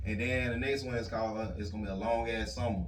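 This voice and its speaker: A man's voice: fairly low pitch, fairly even intonation, fast talker, a little hiss or hum. A young man, a guest musician telling loose, profane stories in a casual podcast chat. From Southwest Georgia, US. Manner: loose, storytelling, profane slang. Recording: roomy distant mic, dull, loud music.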